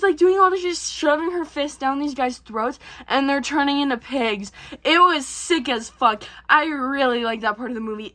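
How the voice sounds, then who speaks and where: Brief: a high-voiced woman, chatty recap, slangy and full of swearing. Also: fairly bright tone. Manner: rambling, slangy, swears a lot. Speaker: vlogger. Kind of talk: casual movie recap.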